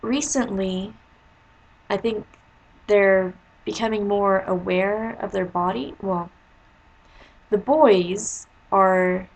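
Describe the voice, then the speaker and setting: A woman speaking in a mid-pitched voice, chatting straight to the camera about her teaching day. She rambles in a relaxed, conversational way and jumps up in pitch whenever she quotes her pupils. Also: slow pace, vocal fry, long pauses, low-quality recording. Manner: chatty, jumps into high voices when quoting kids. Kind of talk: casual storytelling vlog.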